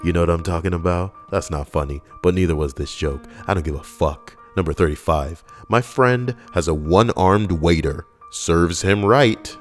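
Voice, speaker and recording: A man reading jokes in a casual comic style, deadpan and sardonic, swearing at times. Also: deep voice, normal speed, few pauses, soft background music. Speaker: comedy YouTuber reading jokes.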